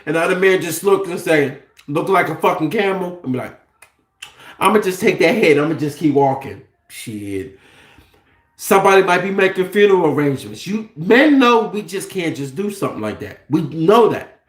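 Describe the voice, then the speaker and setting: A man's voice: high-pitched, expressive, brisk, echoey room. A man delivering an impassioned, profane monologue, firing off rhetorical questions in a heated, preachy way.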